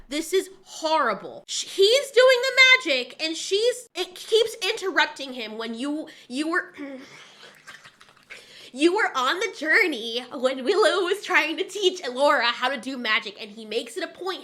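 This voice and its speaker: Young woman venting about a show, high bright voice that swings all over, cussing a lot. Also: big pitch swings. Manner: exasperated, profane, fast venting. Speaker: TV series reviewer. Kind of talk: ranting reaction review.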